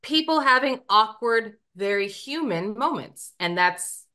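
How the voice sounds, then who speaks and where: Bright-voiced woman chatting about a movie. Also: on the high side, measured pace. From United States. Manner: animated, laughs often, acts out characters' lines. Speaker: podcast co-host. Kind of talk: casual movie review chat.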